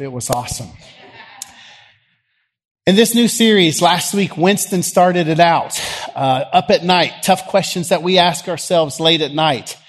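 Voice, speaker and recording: A man with a Southern US accent, a pastor leading prayer and preaching in a folksy, teasing, conversational way, worn out by allergies. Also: mid-range voice. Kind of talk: sermon and prayer. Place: church sanctuary.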